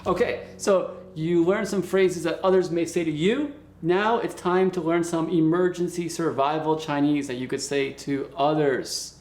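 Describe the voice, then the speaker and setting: A man giving a casual video lesson as a language teacher, patiently explaining and repeating words slowly for learners. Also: fairly high pitch, fairly even intonation, a little mellow. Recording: echoey room with faint music.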